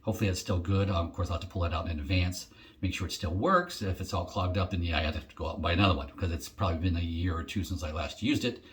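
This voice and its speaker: A man's voice: low-pitched, fairly even intonation, fast talker, a bit bright. A middle-aged man chatting casually through an unboxing, rambling and thinking aloud with frequent ums. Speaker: shaving vlogger.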